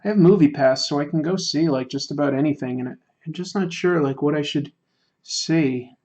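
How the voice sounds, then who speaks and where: A man chats loosely with his stream's viewers as he draws, wandering between thoughts and poking fun at himself. His voice sits a little high for a man. The sound is muffled and lo-fi. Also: fairly quick, a little mellow. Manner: rambling, self-deprecating, many fillers. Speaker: livestreaming artist. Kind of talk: casual chat while drawing, answering viewer comments.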